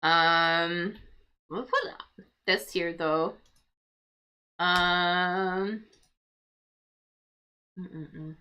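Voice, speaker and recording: A woman's voice: fairly low pitch, extremely slow, pauses often, sharp tone, clear, resonant tone, highs cut off. A woman hosting a casual crossword livestream for English learners, thinking aloud and explaining word meanings patiently.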